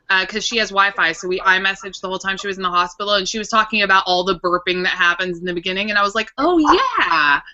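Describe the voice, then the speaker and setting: A woman's voice: medium pitch, bright, forceful tone. A woman in her thirties, a guest on a casual chat show, telling her story in a candid, reflective way. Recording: dull lo-fi recording.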